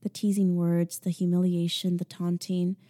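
Brief: young woman, first-person audiobook read, mellow and lowish, intimate hush. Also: flat delivery, moderate pace. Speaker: audiobook narrator.

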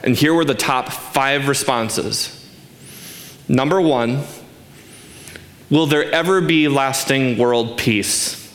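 A man's voice: mid-range voice, slow, long pauses, a bit bright. Earnest man preaching in an echoey church. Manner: earnest, emphatic preaching with rhetorical questions. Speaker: pastor. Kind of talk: sermon. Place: church sanctuary.

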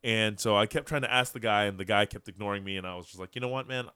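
Low-voiced profane podcast host. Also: male voice, fast, smooth, dry recording. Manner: profane, animated storyteller. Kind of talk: casual storytelling chat.

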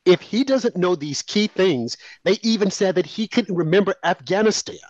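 A man's voice: high voice, expressive, normal speed, a little mellow, dry recording, dull audio. Emphatic man on talk radio. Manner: emphatic, indignant, mimics others. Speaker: radio talk show co-host. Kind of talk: opinionated talk radio commentary.

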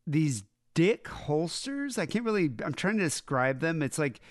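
A man's voice: a little high, sing-song, measured pace, no echo, studio quality. A man co-hosting a casual podcast chat, joking crudely and telling stories with animation. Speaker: podcast co-host.

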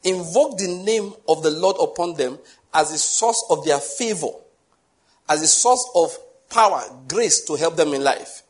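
A middle-aged man preaching with a slightly raised voice. He is animated, fires rhetorical questions at the congregation and acts out little scenes as he goes. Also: fairly high pitch, unhurried. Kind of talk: sermon.

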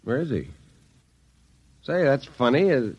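A breezy colonel father chats briskly in a mid-pitched, lively voice that swings up and down. The sound is dull, like an old 1950s radio broadcast. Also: husky, exaggerated voice. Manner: brisk, offhand chatter. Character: breezy middle-aged Air Force colonel father. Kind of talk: 1950s radio drama acting.

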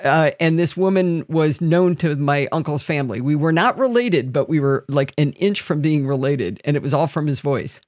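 A man's voice: a little high, moderate pace, hardly any pauses, darkish tone, dry recording, studio quality. A man chatting casually on a podcast, playful and telling anecdotes. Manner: playful, storytelling. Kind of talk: casual chat.

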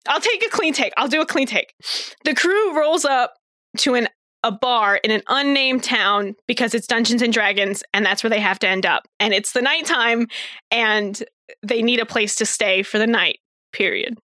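A woman's voice: on the high side, normal speed, bright, forceful tone, no room sound, clean studio sound. A woman hosting a comedy podcast, directing the others through a storytelling game and laughing often. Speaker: podcast host. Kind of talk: comedic improv storytelling chat.

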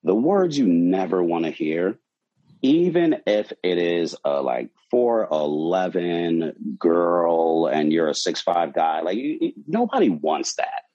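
A man's voice: sits low, takes it slowly, highs cut off. A man, a bartender, telling a wild story from his shift in a casual, profane way, acting out quotes. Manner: animated, profane, acts out quotes.

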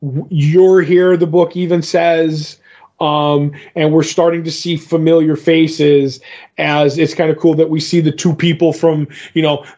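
A man's voice: fairly high pitch, flat delivery, unhurried, a little mellow. A man co-hosting a podcast, chatting casually and rambling about a comic book, often restarting his sentences. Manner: rambling, restarts often, reads out quotes in little voices. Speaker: podcast co-host. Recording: dull lo-fi podcast audio.

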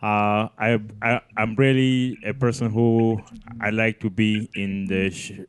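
A man from southern Egypt with an Egyptian accent, a studio guest on a talk show who speaks haltingly, searching for words and restarting often. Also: fairly low pitch, little pitch movement, a little hiss or hum. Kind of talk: casual chat. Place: live studio in front of an audience.

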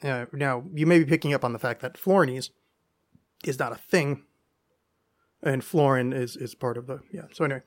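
A man's voice: mid-range voice, normal speed, pauses often. A man hosting a casual solo podcast, reading aloud in a rambling, self-mocking way with frequent swearing. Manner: rambling, self-deprecating, profane. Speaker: podcast host.

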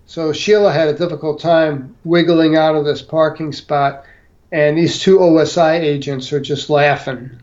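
A man's voice: on the high side, fairly even intonation, normal speed, darkish tone. A man telling a personal story as a guest, hesitant, with many fillers and restarts. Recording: dull lo-fi audio.

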